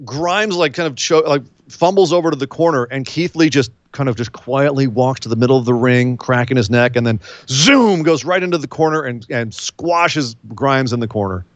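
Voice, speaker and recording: A man co-hosting a casual wrestling podcast, telling match stories with energy and quick asides. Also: medium pitch, no echo, dull audio. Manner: animated storyteller, mimics wrestlers' voices. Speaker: podcast co-host. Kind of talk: casual wrestling recap chat.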